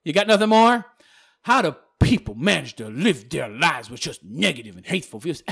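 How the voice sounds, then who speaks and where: A fast-talking man rants casually to camera, answering critics in a mocking, sarcastic tone. His voice sits a little high and swings widely in pitch. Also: sing-song, vocal fry, a bit bright, husky. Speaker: video commentator replying to comments.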